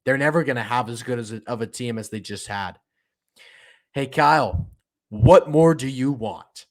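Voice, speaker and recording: A man's voice: mid-range voice, moderate pace. Fired-up man ranting on a sports podcast. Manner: fired-up, emphatic, repeats himself. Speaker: podcast host. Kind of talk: solo sports podcast rant.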